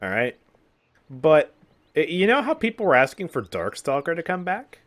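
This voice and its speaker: Lively sarcastic young gaming commentator, a man. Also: on the high side, moderate pace. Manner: exasperated, sarcastic, frequent laughs and sighs. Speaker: gaming YouTuber. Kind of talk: casual gameplay commentary.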